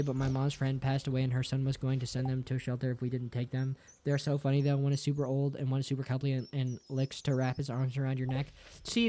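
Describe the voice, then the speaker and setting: Profane joking male streamer. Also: mid-range voice. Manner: crude, profane, joking, reads chat aloud; mock-dramatic, playful teasing. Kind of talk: casual game stream chat. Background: faint game music.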